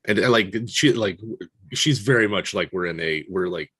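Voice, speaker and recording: A man playing in a tabletop role-playing game, talking things through haltingly, partly in character. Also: sits low, a bit bright, husky. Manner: halting, thinks aloud with restarts. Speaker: player. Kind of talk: casual tabletop role-play.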